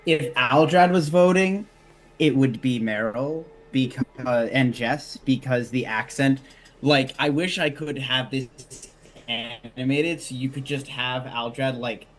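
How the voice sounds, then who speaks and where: A man's voice: medium pitch, slow pace, poor audio. A man who plays in a tabletop game, chatting casually after the session, rambling and swearing with frequent restarts. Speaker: player. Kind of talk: casual post-session chat.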